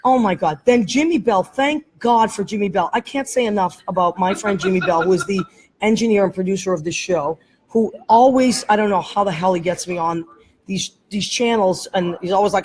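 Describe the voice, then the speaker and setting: A woman's voice: mid-range voice, moderate pace, a little mellow, poor audio. A woman hosting a casual talk show, chatting in a rambling way and laughing often. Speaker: host. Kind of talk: casual chat. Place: airport, live streamed on camera.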